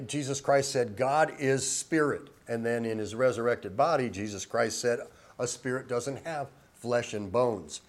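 Man preaching with soft-to-loud swings. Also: mid-range voice. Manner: conversational preaching, swings between soft asides and loud emphatic lines. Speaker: pastor. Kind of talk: sermon with scripture reading.

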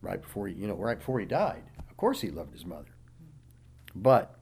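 A man's voice: sing-song, brisk, gravelly, breathy edge. A middle-aged man preaching a sermon, reading scripture aloud and explaining it in plain talk. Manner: rises loud and high reading scripture, drops quiet and low explaining.

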